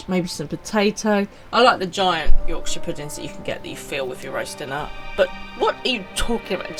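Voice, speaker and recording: A woman with a British English accent streaming a game, chatting with her viewers and bantering indignantly, laughing often. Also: fairly low pitch. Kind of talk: casual chat with live chat. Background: game music.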